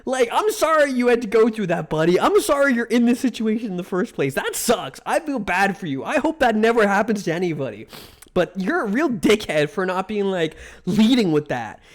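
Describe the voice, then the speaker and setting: A man's voice: high voice, sing-song, normal speed. A young man streaming live, chatting casually, rambling and swearing as he gets worked up over a story.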